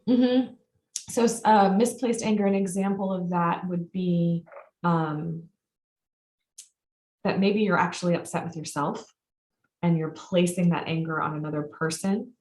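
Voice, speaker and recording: A woman facilitator with a lowish voice leads an online group through a guided release exercise. She talks calmly, pausing between repeated prompts and breathing cues. Her voice comes through with a roomy echo. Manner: calm, guiding, repeats prompts with pauses. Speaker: workshop facilitator and coach. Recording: echoey room sound.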